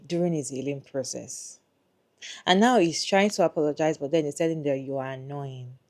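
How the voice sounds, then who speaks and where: A woman's voice: low voice, warm tone. A woman hosting a reaction video, giving emphatic, opinionated commentary straight to her viewers. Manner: emphatic, questioning, speaks directly to viewers.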